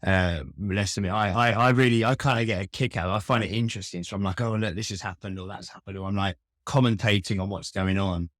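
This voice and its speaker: A low-pitched man talks casually as a podcast guest, spinning wry, self-mocking anecdotes about service. The sound is dry and close, with no room echo. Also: steady tone, quick pace, hardly any pauses, a bit bright. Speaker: customer experience expert, podcast guest. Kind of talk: casual interview conversation.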